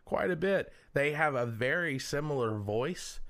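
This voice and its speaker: A man's voice: fairly high pitch, animated, measured pace, fairly bright tone. A man hosting a podcast, chatting casually and telling stories. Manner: chatty and storytelling, with a few fillers. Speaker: podcast host. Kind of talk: casual chat.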